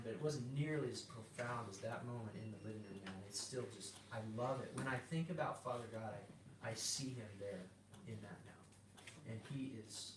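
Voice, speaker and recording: A middle-aged man sharing a personal faith story in casual talk, acting out the dialogue with restarts and fillers. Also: medium pitch. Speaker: guest sharing a personal testimony. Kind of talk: casual spoken testimony. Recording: roomy sound from a distant mic with background noise.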